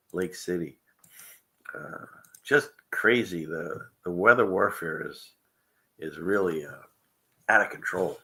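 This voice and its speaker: Gravelly, bright-voiced male show host. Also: on the low side. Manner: rambling, chuckling often, frequent fillers. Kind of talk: casual livestream chat.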